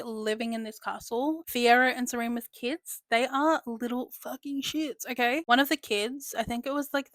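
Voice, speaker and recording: A woman's voice: fairly high pitch, a bit bright, no echo, clean studio sound. A young woman giving a chatty, sweary book recap, full of "like" and frank asides. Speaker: book vlogger.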